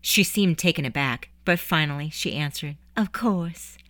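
A woman host reading a scripted story narration in a measured storytelling manner. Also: low-pitched, fairly bright tone, no echo.

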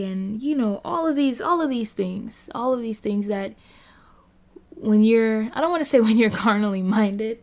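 A woman's voice: on the high side, moderate pace, darkish tone. A young woman telling her faith testimony in a casual, rambling way, full of fillers and light laughs. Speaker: Christian speaker sharing a testimony.

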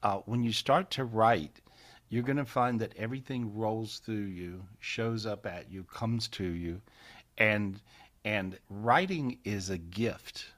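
A man with a somewhat low voice leads a live spiritual healing session over a video call. He talks in a folksy, repetitive way and laughs easily. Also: slow. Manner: warm, folksy, repeats phrases, laughs often.

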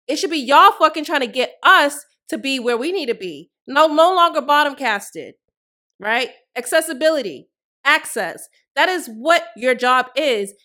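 A woman's voice: high voice, bright, forceful tone. A woman hosting a solo podcast, delivering fiery, profane commentary full of rhetorical questions. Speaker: podcast host.

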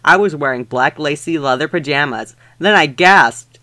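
A man co-hosting a comedy podcast, reading a fanfic aloud in a deadpan way with crude asides. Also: on the high side, moderate pace, no echo.

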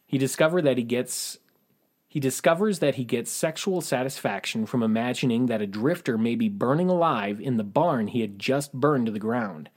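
A man's voice: mid-range voice, lively intonation, moderate pace, hardly any pauses, breathy edge. A man hosting a true crime podcast, narrating in a matter-of-fact way with wry asides. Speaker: podcast host.

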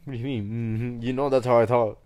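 A young man co-hosting a podcast in a bedroom, chatting casually with his sister, blunt and quick to swear and laugh. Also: mid-range voice, fairly even intonation, darkish tone. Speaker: podcast co-host. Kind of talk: casual sibling chat. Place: bedroom, sitting on a bed.

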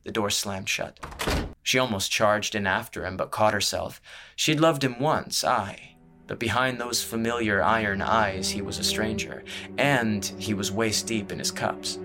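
A man narrating a fantasy novel in a measured, expressive storytelling voice. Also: lowish voice. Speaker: audiobook narrator. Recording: music playing underneath.

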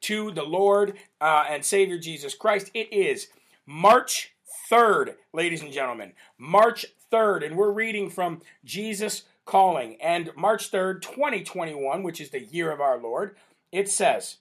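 A man hosting a live stream, reading out viewer shout-outs in a chatty, casual way, laughing often and using many fillers. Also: high voice, expressive, a little slow. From United States. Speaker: livestream host.

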